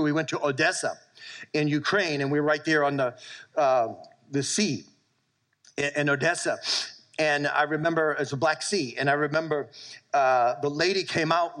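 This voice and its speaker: Male pastor, middle-aged, bright forceful voice, animated sermon storytelling, slightly higher pitch. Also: low-quality recording. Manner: animated storytelling preacher, calls for amens.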